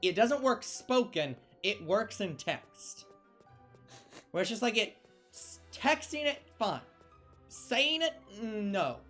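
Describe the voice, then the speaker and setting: Brief: male game streamer, bright ringing tone, quick giggly banter, reads chat aloud. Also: sits high, big pitch swings, soft background music. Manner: laughing, self-interrupting, reads chat aloud. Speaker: stream co-host. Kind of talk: casual gaming stream banter.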